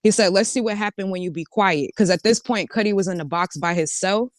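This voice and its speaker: A woman with a medium-pitched voice tells a casual storytime at a fairly quick pace, recorded dry with clean studio sound. As a storytime vlogger, she reads out a chat exchange line by line, switching back and forth between "he said" and "I said".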